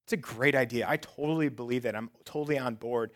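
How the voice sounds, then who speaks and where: A man, a church pastor, preaching in a conversational way that builds to loud, emphatic peaks. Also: mid-range voice, fast. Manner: self-described sarcastic. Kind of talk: sermon.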